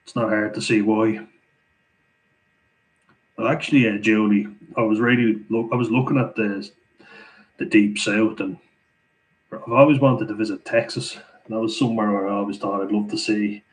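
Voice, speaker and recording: Chatty Irish man, lowish voice. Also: rough recording. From Ireland. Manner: chatty, laughs often between remarks. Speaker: channel host answering viewer questions. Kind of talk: casual live Q&A chat.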